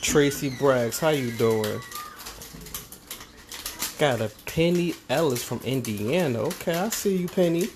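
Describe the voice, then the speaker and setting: A man's voice: medium pitch, expressive, measured pace, long pauses, noisy background. Congested man greeting livestream viewers. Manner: friendly, greets viewers by name, playful. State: a bit congested. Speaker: cooking show co-host reading viewer comments. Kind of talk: casual livestream chat.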